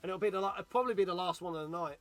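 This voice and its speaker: A man's voice: sits high, rapid-fire, faint music behind. A man hosting a live game stream, joking and chatting with viewers as he reads out their messages. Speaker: streamer host. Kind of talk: casual live-stream chat.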